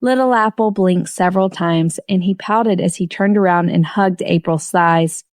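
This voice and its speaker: A woman narrating an audiobook novel in steady storytelling. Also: lowish voice, moderate pace, no echo, clean studio sound. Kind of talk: scripted narration.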